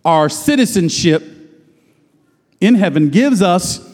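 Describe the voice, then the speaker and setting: A pastor preaching a sermon, swinging from loud shouted lines to low murmurs and drawing out his phrases. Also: lively intonation, slow. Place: church sanctuary. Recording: long hall reverb.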